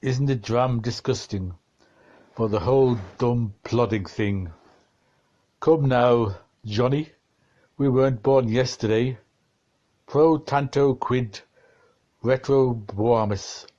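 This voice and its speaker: A man reading a dense novel aloud, slow and deliberate, shifting his tone for the quoted exchanges. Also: medium pitch, warm tone, dull audio. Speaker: reader of a novel.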